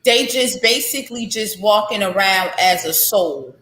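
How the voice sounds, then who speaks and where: A woman's voice: mid-range voice, a little slow, a bit bright, slight background noise. A woman in her thirties, an author guest, speaking candidly and heartfelt about faith and healing, repeating phrases for emphasis. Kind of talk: candid interview conversation. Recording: echoey room.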